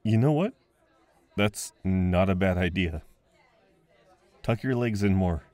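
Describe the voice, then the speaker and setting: A man voicing a friendly young man at a party, talking gently and coaxingly with frequent chuckles, in an audio role-play. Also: deep voice, slow, no echo, some chatter behind. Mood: gentle, teasing.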